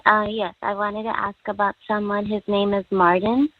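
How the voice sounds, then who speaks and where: A woman's voice: medium pitch, little pitch movement, normal speed. A woman in her fifties calling into a radio show, hesitant and full of ums and likes. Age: 50s. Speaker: caller. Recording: tinny dry phone line.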